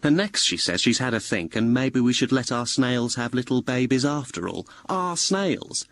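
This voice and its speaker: A glum, snail-obsessed young graduate narrating a radio comedy. He talks in a wry, deadpan way at an ordinary male pitch. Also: normal speed. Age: young adult. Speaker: narrator and lead.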